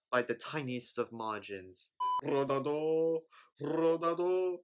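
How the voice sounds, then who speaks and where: A host giving casual, excitable reaction commentary on sports clips, often repeating exclamations. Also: mid-range voice, slow pace, background noise.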